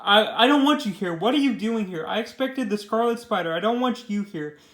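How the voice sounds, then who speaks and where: A man's voice: sits high, expressive, fairly quick, a bit bright. A man doing a curt, hostile young huntress. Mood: annoyed. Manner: curt, dismissive. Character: hostile determined young woman bounty hunter. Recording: echoey room.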